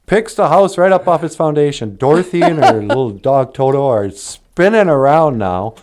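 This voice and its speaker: A man's voice: a little high, expressive, moderate pace, darkish tone. A man casually retelling a story for laughs, rambling with filler words. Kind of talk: comic retelling of a film.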